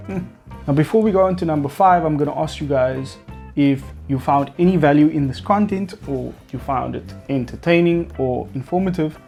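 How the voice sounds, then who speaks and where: A man's voice: a little high, gravelly, a little mellow. A man hosting a beard care video, explaining products with playful, teasing asides.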